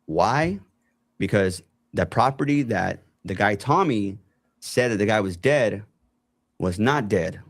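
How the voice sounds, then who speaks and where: In a fairly low voice, he takes his time recounting a long story from his own life, animatedly voicing the people in it. The recording is studio quality with no room sound.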